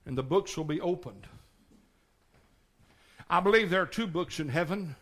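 A man in his sixties preaching a passionate sermon, shouting one moment and pleading quietly the next. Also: on the high side, fairly quick. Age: 60s. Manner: impassioned, swings from shouting to hushed pleading. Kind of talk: revival sermon.

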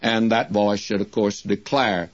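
An older man teaching the Bible as a radio preacher, slowing down and drawing out the words whenever he quotes scripture. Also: on the low side, level tone, no room sound. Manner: slows to a drawn-out crawl when quoting scripture. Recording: muffled old radio broadcast recording.

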